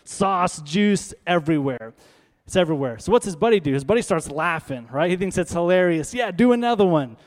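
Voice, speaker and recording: Guy preaching, tells stories, keeps going "right?", highish voice, big echoey church room. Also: fairly quick. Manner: animated, conversational, frequent "right?". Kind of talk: storytelling sermon.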